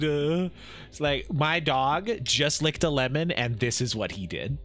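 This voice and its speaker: Man, game streamer, reads dialogue aloud, animated, bright tone, faint music behind. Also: medium pitch. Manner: animated, laughs often, quick asides. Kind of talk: live game playthrough, reading dialogue aloud.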